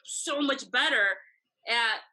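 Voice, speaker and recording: Speaking slowly in a higher voice, this photographer in her thirties is an animated storyteller in a casual interview, performing the back-and-forth she quotes. The recording is rough.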